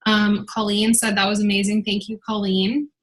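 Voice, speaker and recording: A woman's voice: medium pitch, little pitch movement, normal speed, poor audio. A woman in her thirties hosting a team video call, chatting casually and rambling with many fillers. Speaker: team leader and host.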